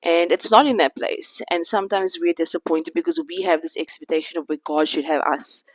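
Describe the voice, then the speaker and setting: A woman's voice: on the low side, very animated, fairly quick, no room sound, low-quality recording. A woman in her thirties talking candidly to camera in a sit-down vlog, reflective and a little out of breath. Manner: candid, reflective, faith-centered. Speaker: vlogger.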